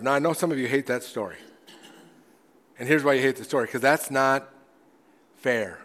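A man preaching a sermon as pastor, earnest, often repeating words as he restarts and swinging between loud and quiet. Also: medium pitch, normal speed, pauses often, in a large hall.

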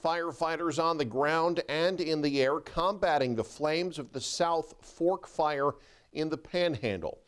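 A man anchoring a morning newscast, reading headlines in a brisk, upbeat newscaster style. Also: medium pitch. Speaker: news anchor. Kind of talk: scripted news reading.

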